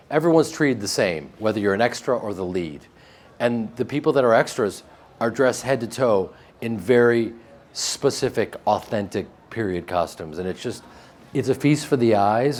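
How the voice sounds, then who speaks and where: Here is a man with a flat Midwestern American accent being interviewed about his acting. He talks at an ordinary middle pitch and tells stories casually. He jokes and mocks himself as he goes. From Chicago, American Midwest. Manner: joking, self-mocking storyteller.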